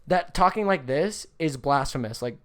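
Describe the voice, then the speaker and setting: Low-voiced sarcastic woman podcaster. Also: lively intonation, moderate pace. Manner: sarcastic, playful, jokey. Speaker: podcast co-host. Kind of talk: casual comedic chat.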